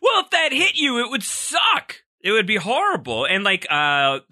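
A man co-hosts a casual podcast in a crisp, very bright voice. His talk is loose and chatty, full of restarts and easy laughter. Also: high-pitched, sing-song, normal speed, no room sound, clean studio sound. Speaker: podcast co-host recapping a TV series. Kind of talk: casual chat.

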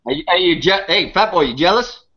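A man's voice: high-pitched, expressive, brisk, sharp tone, muffled recording. A man guesting on a live online show, mocking and taunting the other guest and cutting in on him. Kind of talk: heated live online debate. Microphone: video call.

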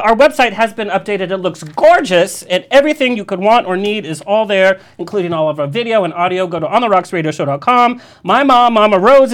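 A man's voice: sits high, a bit bright. A man hosting a live radio show, reading plugs in a campy, joking way.

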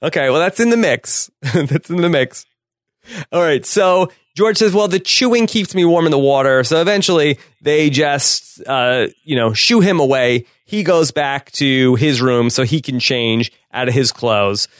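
A man co-hosting a podcast, casually retelling a sitcom episode scene by scene with quick laughs. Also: medium pitch, no echo, studio quality. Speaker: podcast co-host.

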